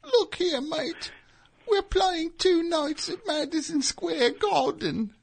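A man doing an impression of a small, bossy male English band manager in a piping, high voice and a put-on English accent. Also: lively intonation, slow pace, gravelly, exaggerated voice.

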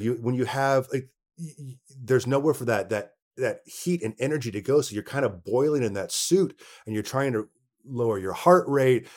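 A man, an actor being interviewed, telling stories from set and acting out what others said to him. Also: medium pitch. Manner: storytelling, acting out others' quoted lines. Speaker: actor guest. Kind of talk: casual interview conversation.

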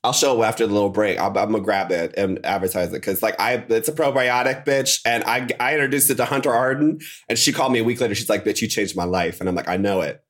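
A man's voice: medium pitch, quick pace, few pauses, a bit bright. A man co-hosting a podcast in casual chat, campy and slangy, laughing often. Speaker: podcast co-host.

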